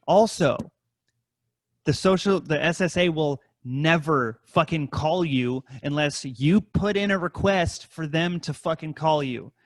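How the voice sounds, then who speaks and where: With no room sound, a man co-hosting a podcast tells a rambling story at an unhurried pace, his casual talk full of profanity. He heavily swears and mimics scammers in high voices.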